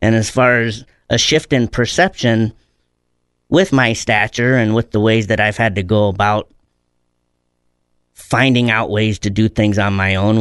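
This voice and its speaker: A man's voice: on the low side, a bit bright, clean tone, no echo, clean studio sound. A middle-aged man, a guest in a conversational interview, telling stories in an earnest, reflective way.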